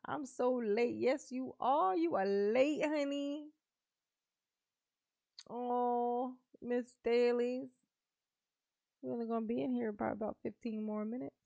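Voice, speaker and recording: A woman streamer reacting live and joking with her chat in a teasing, laughing way. She speaks slowly with a gravelly fry and a bit of height. The sound is close and dry. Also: a little high, dark tone, no room sound, lo-fi sound. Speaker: streamer reacting to a court livestream. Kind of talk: casual live reaction commentary.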